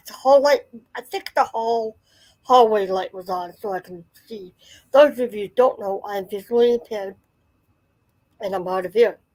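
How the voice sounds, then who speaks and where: A woman's voice: mid-range voice, a little mellow, poor audio. A woman in her forties telling a personal story in a casual, rambling way, full of fillers and restarts. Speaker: channel host.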